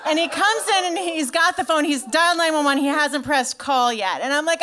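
A woman telling a story in a stand-up comedy set, chatty and animated, full of "like" and swearing. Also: sits high, a little fast, few pauses. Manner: animated storytelling to a live audience.

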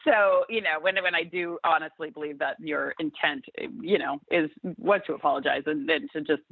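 A woman guest in a casual podcast conversation, talking haltingly with many restarts. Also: low voice, steady tone, vocal fry, breathy edge, no echo, phone-quality sound.

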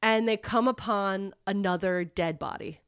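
A woman's voice: mid-range voice, unhurried, fairly bright tone, clear, resonant tone, no room sound. Young woman, casual storyteller, lots of fillers, dry close sound. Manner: rambling, filler-heavy, acts out character lines. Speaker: podcast co-host retelling a novel.

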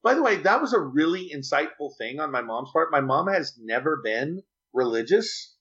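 A man's voice: a little high, very animated, moderate pace, fairly bright tone, lo-fi sound. A man being interviewed, telling a personal story in an earnest, chatty and rambling way. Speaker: interview guest.

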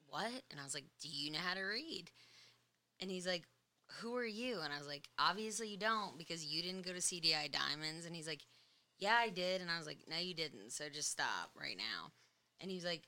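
Low, bright-voiced woman telling stories. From New York. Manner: animated storyteller, laughs often. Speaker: podcast host. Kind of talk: casual chat.

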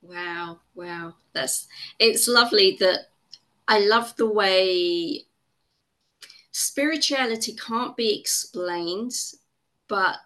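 Slow-spoken woman hosting a podcast. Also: mid-range voice, bright, forceful tone. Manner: reflective, encouraging interviewer. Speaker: podcast host. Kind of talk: interview conversation.

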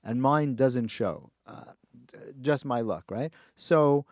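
A man telling a story in casual chat, wry and animated, acting out the people he met. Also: medium pitch, slow, no room sound, studio quality.

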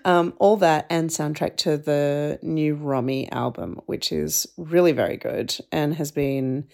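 A woman's voice: low-pitched, steady tone, measured pace, gravelly, a little mellow. A woman podcast co-host chatting in a breezy, rambling way in a casual voice memo. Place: walking around a city, sending voice memos.

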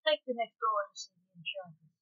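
A woman reading the part of a calm male timekeeper, lord of time, in slow, evenly read lines. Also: on the high side. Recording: dull lo-fi recording.

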